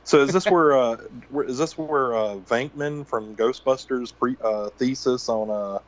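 A man chimes into a movie podcast with hesitant, sarcastic remarks and many pauses. His voice is mid-pitched and comes through dull and muffled. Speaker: podcast co-host. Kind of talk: casual movie chat.

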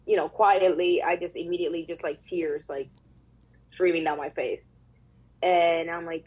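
An actress with a Puerto Rican accent tells a candid, emotional, profane story on a casual podcast. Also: female voice, fairly low pitch, fairly even intonation, normal speed, husky, dull audio. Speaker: actress guest.

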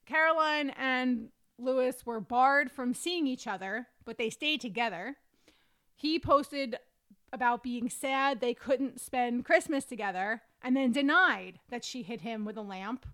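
A woman co-hosting a podcast, reading through case details and quoted statements at a steady pace. Her voice is somewhat higher than most women's. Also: measured pace. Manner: steady narration of notes and quotes. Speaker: podcast co-host.

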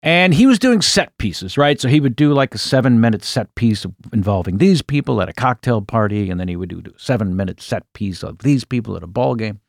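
A man in his sixties, a comedian guest, telling an anecdote in an animated way, with asides and self-corrections. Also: on the low side, a little fast, gravelly, hardly any pauses, no echo, clean studio sound. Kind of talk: anecdotal storytelling in an interview.

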